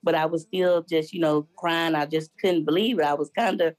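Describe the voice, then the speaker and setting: Low-voiced woman telling her testimony. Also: steady tone, moderate pace, darkish tone, no echo, poor audio. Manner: earnest storytelling, acting out quoted voices. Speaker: guest sharing a testimony. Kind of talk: casual conversational testimony.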